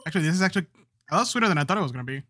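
Brief: male podcast co-host, bright and forceful, slightly high, teasing and joking. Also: lively intonation, rapid-fire. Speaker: podcast co-host and dungeon master. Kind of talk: casual chat.

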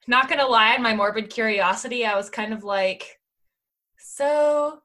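A woman's voice: a little high, moderate pace, pushed and bright. A woman co-hosting a podcast, chatting casually with lots of "like" and giggles. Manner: chatty, filler-heavy, giggly. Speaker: podcast co-host. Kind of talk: casual chat.

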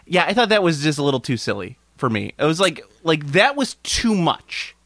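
A man's voice: a little high, very animated, moderate pace, a bit bright, dry recording. A man co-hosting a casual film-review chat, talking with enthusiasm and often starting his sentences over. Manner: enthusiastic, rambling with frequent restarts. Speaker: podcast co-host reviewing a film.

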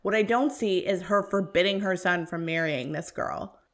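A woman chatting casually on a podcast, animated and talkative, with lots of filler words. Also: on the low side, normal speed. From North America. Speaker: podcast co-host. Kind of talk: casual chat.

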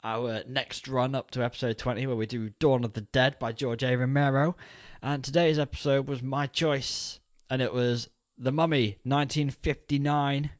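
A man's voice: medium pitch, fairly even intonation, moderate pace, hardly any pauses, dry recording, clean studio sound. A man hosting a casual podcast, with jokey, teasing introductions. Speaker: podcast host.

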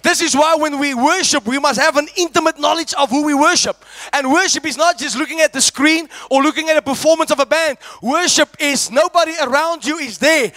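A man preaching a sermon, shouting and calling out to the congregation. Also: very high voice, brisk, dry recording, clean studio sound. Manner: shouting, call-and-response preaching.

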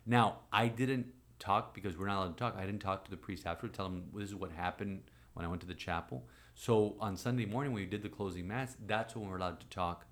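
A priest in his forties telling a personal story in conversation, animated and acting out quoted voices. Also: low-pitched, fairly quick, few pauses. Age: 40s.

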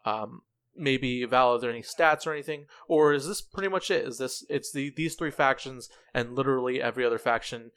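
A man's voice: medium pitch, a little fast, fairly bright tone, smooth. A man hosting a podcast, chatting casually and often restarting his sentences. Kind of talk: casual chat.

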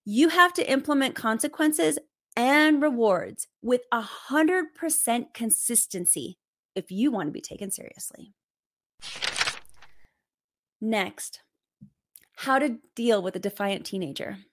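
A woman with a slightly high voice gives parenting advice straight to the listener. She talks in an emphatic, direct way and laughs lightly between points. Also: expressive, slow, pauses often. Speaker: parenting coach.

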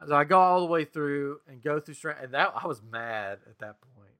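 Here a man co-hosting a podcast casually walks through something that annoyed him, quoting the back-and-forth at length. His voice is a bit high and his pace moderate, and his tone is animated and exasperated throughout.

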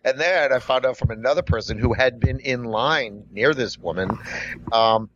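A man's voice: mid-range voice, normal speed, dull audio, a little hiss or hum. A middle-aged man telling a work story in casual chat, rambling with lots of "like" and restarts. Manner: rambling, full of "like" and restarts, animated. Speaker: podcast co-host and coffee shop worker.

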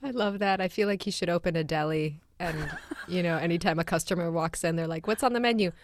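Animated woman telling family stories. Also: fairly low pitch, fairly quick, a little hiss or hum. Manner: animated storyteller, laughs often. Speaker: podcast co-host. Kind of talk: casual chat.

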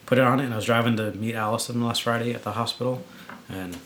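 A man's voice: mid-range voice, quick pace, a little hiss or hum. A man, a clergyman co-hosting a podcast, chatting casually and recounting things with lots of "like" and "you know". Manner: animated storytelling, fillers like "you know", "like". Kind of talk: casual chat.

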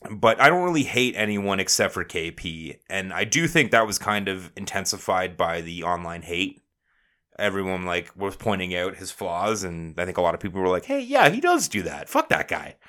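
A man's voice: sits low, moderate pace, bright, forceful tone. A young man co-hosting a wrestling podcast, chatting casually, joking and swearing freely. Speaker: podcast co-host.

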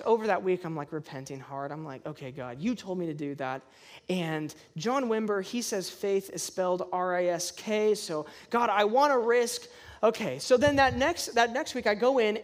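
A pastor preaching to a congregation, telling personal stories with self-deprecating humor and lively acted-out asides. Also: mid-range voice. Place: church service before a congregation.

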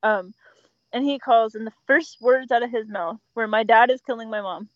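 A woman who works as an emergency dispatcher, chatting casually and telling animated stories, often laughing and acting out what callers said. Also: fairly high pitch, moderate pace, dry recording, dull audio. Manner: animated storyteller, laughs often, acts out quotes. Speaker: 911 dispatcher. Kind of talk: casual podcast chat.

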